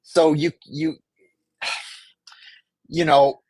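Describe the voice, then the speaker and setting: A man's voice: a little high, little pitch movement, drawn-out words, darkish tone, dry recording, rough recording. Impassioned man with a dry sound. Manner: impassioned, argumentative, acts out quoted officials. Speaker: homelessness advocate guest. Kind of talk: conversational interview.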